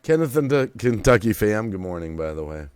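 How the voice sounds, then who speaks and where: A man's voice: lowish voice, a little fast, clear, resonant tone, no echo. A middle-aged man hosting a late-night live stream, telling stories with frequent laughs and greeting viewers in the chat. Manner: lively storyteller, laughs often and greets the chat.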